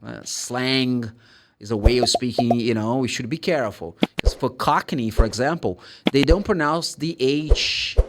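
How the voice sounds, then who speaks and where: A man with a Brazilian Portuguese accent teaching English pronunciation, explaining and demonstrating sounds in an animated way. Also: mid-range voice, measured pace, heavy background noise. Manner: animated, demonstrates sounds and acts out students' questions. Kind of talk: pronunciation lesson.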